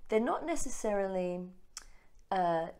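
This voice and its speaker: A woman with an Australian accent, co-hosting a casual spiritual chat and talking quickly with many restarts. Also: medium pitch, expressive, dark tone, smooth. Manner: fast-talking. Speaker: co-host.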